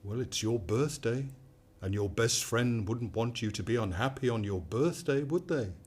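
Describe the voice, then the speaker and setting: An actor playing a sinister, controlling male AI companion who talks in a calm, soothing, manipulative way in a radio drama. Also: mid-range voice, normal speed, slightly rough. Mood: coaxing.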